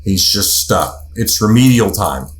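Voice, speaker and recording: A man's voice: lowish voice, expressive, measured pace. Man counselor talking in a roomy echo. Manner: conversational, storytelling, acts out quotes. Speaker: host, relationship counselor. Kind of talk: casual podcast talk.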